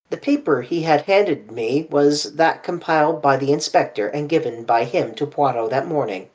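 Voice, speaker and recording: A reader narrating a classic mystery novel in an animated, expressive audiobook style. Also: mid-range voice, normal speed, hardly any pauses.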